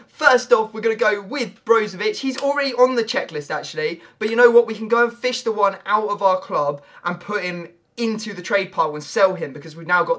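A young man, giving excitable pack-opening commentary on a video game, breaking into loud shouts and laughter. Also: high voice, slight background noise. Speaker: gaming video creator.

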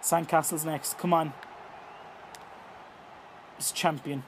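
A young Irish man with a high-pitched voice calls a football video game as he plays it. His commentary is excitable, full of swearing and outbursts at the screen. A faint hiss of background noise sits under his voice. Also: slow pace. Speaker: gaming YouTuber. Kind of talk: live gameplay commentary.

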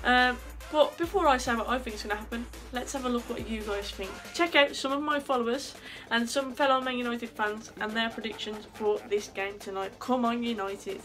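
A British woman hosting a football fan video, a little hoarse from being ill, chatty and upbeat. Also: a little high, brisk, hardly any pauses, a bit bright, faint music behind. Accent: British English. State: hoarse from illness. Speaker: podcast host.

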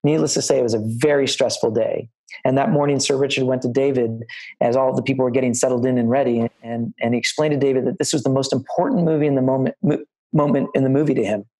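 A man's voice: mid-range voice, steady tone, fast talker, warm tone, low-quality recording. Middle-aged man, line producer, anecdotal, rambling, video call audio. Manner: anecdotal and rambling, with many restarts. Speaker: line producer giving career advice. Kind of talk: talk to film students on a video call.

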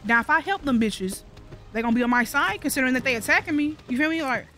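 High, bright-voiced woman with blunt sarcastic humor. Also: animated, fast, faint music behind. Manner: blunt, sarcastic, profane joking; rambling asides to viewers. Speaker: gaming commentator. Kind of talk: casual let's-play commentary.

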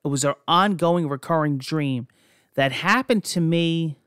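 A man's voice: on the high side, unhurried, a bit bright, smooth, dry recording, studio quality. A young man from New Jersey hosting a podcast, telling personal stories in a rambling, profane way, full of restarts. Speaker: podcast host. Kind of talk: casual personal storytelling.

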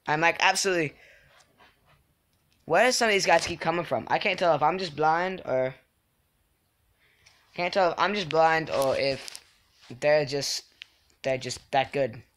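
A young man chatting through a live game stream, his slightly high, bright voice carrying easily. He mumbles asides to himself, then flares into loud, exasperated protests whenever other players catch him out. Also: unhurried, long pauses, slight background noise. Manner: excitable, swings from mumbling to yelling in frustration. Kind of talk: casual live game commentary.

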